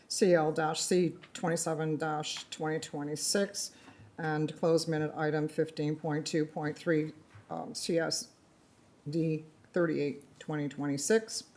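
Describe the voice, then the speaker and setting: Low-voiced woman councillor, flat delivery. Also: unhurried. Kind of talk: formal meeting remarks. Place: council chamber.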